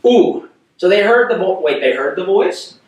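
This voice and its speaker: A young man talks preteens through a scripture passage, chatty and full of rhetorical questions. His voice sits a bit high and carries a heavy room echo. He stands back from the mic. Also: expressive, normal speed, far from the mic. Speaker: youth worship leader.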